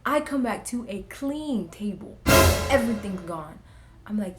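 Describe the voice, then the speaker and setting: A woman's voice: medium pitch, measured pace, music in the background. A young woman, chatting casually in a get-ready-with-me vlog and acting out family members' lines as she tells the story. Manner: animated, acts out family members' lines in quotes. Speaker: vlogger. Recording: echoey room.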